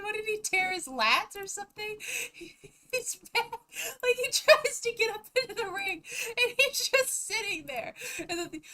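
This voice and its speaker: A high-pitched young woman talks casually on her stream. She keeps giggling and dissolving into helpless laughter between her sentences. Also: sharp tone. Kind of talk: casual live-stream reaction chat.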